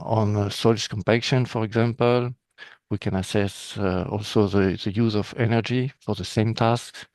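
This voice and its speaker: Male presenter, low gravelly voice, halting delivery with many fillers. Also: darkish tone, dry recording. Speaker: presenter from a vine and wine institute. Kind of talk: webinar presentation.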